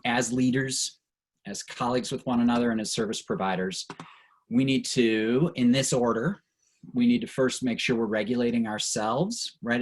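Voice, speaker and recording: A man's voice: mid-range voice, low-quality recording. A middle-aged man leading an online training session over a video call, earnest and reflective, and openly emotional at times.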